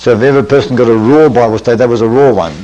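A man's voice: medium pitch, racing, dark tone, muffled recording. An older man, preaching at a camp meeting in a folksy storytelling way with self-deprecating asides, in a 1980s recording. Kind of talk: sermon storytelling. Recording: 1980s radio-quality recording.

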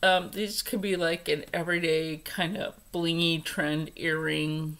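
A woman's voice: sits low, flat delivery, measured pace, hardly any pauses, a bit bright, low-quality recording. A middle-aged woman vlogger chatting casually as she unboxes jewelry, gushing over each piece and sometimes dropping to a whisper, stuffy from allergies. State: congested from allergies.

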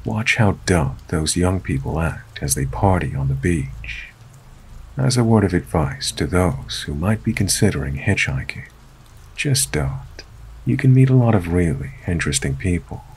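A man narrating a true scary story in a steady, measured storytelling voice. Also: low-pitched, slightly rough. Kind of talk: scripted narration.

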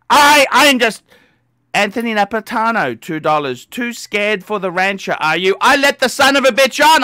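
A man hosting a live stream, ranting and swearing at callers, bursting into shouts. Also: very high-pitched, no room sound, studio quality. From Australia. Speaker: livestream host.

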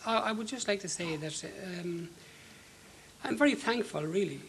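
An Irish man in his forties with a slightly raised pitch sounds weak as he gives quiet, polite answers. His replies are measured, and clear background noise runs under him. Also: animated. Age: 40s. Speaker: guest.

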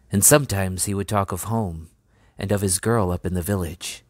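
A man narrates a novel in a low, deep voice at a measured, unhurried pace. The sound is dry and close to the mic, with no room echo. It has the feel of a calm audiobook reading. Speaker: audiobook reader.

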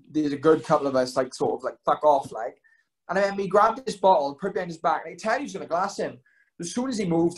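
A man's voice: a little high, rough recording. A young man, a guest telling stories in a loose, rambling way full of fillers. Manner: rapid rambling delivery full of "um" and "like". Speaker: guest, pro fighter. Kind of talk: casual storytelling chat.

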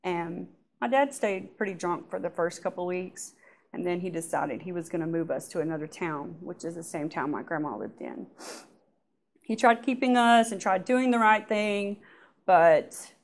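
A woman with a somewhat low voice shares her personal church testimony. She speaks haltingly and softly, and her sentences often trail off. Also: a little hiss or hum. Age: adult.

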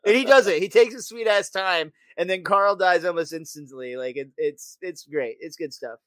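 A man's voice: high-pitched, moderate pace, a bit bright, no echo. A man co-hosting a podcast, casually recapping a cartoon episode with lots of fillers and chuckles. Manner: laid-back recapping with frequent fillers and laughs. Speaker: podcast co-host.

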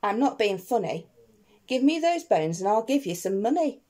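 A woman's voice: on the high side, very animated, moderate pace, warm tone. A woman doing a bossy fussy professor. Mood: insistent.

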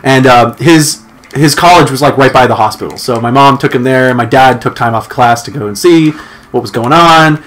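A man's voice: mid-range voice, moderate pace, fairly bright tone. A young man, a podcast co-host, telling a rambling childhood story in casual chat and acting out what family members said. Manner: rambling storyteller, acts out family quotes with laughs.

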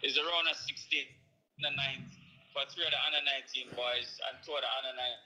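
Bright-voiced man, hesitant coach. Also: mid-range voice, steady tone, fast talker, poor audio. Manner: hesitant, fillers. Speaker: athletics team coach. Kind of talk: phoned-in interview. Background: faint crowd noise and clapping.

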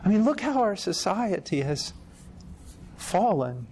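A middle-aged man preaching in a lecture-style sermon, telling stories emphatically and jumping up in pitch on his key points. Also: very animated, a little slow, darkish tone, a little hiss or hum.

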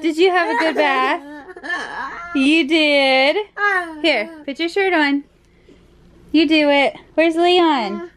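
A woman's voice: sits high, slow pace, long pauses, crowd noise. A woman vlogging at home as a mom, chatting casually and using playful baby talk with her toddler, laughing often. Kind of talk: casual home vlog chat.

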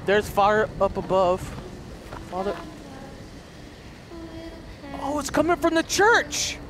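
A man's voice: sits high, very animated, slow, background noise. A man commenting on a horror game he plays, jumpy, swearing and shrieking when startled. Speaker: gaming video host. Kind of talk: let's play commentary. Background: horror game music.

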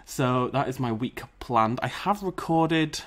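A man's voice: medium pitch, lively intonation, unhurried. A British man hosting a gaming channel, chatting casually to camera in a jokey, self-mocking way, recorded on a dedicated mic. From Britain. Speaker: YouTube gaming channel host. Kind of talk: casual vlog chat to camera.

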